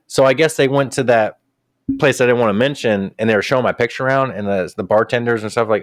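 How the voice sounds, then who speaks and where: A man's voice: lowish voice, quick pace, no echo, studio quality. A young man, a podcast co-host, telling a long travel story in a casual, profane way and acting out the people in it. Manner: profane, animated retelling with quoted voices.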